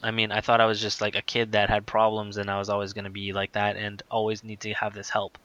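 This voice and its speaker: A man's voice: on the low side, monotone, quick pace, fairly bright tone, no room sound, dull audio. A man casually telling a personal story in a rambling way, full of "like"s and restarts. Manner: rambling, filler-heavy with many "like"s. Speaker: guest telling his story.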